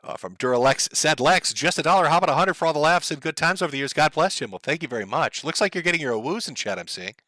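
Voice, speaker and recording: Man, livestream host, profane sarcastic rant, lively swooping pitch, forceful edge, dry close sound. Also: fast, few pauses, dry recording. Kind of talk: ranting live commentary, reading viewer messages.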